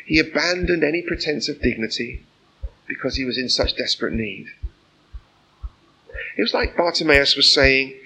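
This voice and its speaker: Gravelly, forceful male preacher. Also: medium pitch, lively intonation, moderate pace, long pauses, a little hiss or hum, low-quality recording. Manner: conversational, full of rhetorical questions; personal and earnest. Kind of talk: informal sermon.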